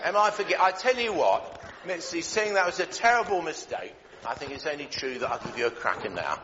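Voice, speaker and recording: A man giving a playful, jokey Christmas talk to children in a church hall, with many filler pauses. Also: a little high, background noise. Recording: echoey hall, dull lo-fi sound.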